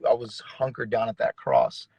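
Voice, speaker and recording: A man's voice: mid-range voice, very animated, moderate pace, vocal fry, mellow, husky, dry recording, low-quality recording. A man in his thirties, a pastor, telling his story in an earnest, emotional way with frequent restarts. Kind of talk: conversational testimony in an interview.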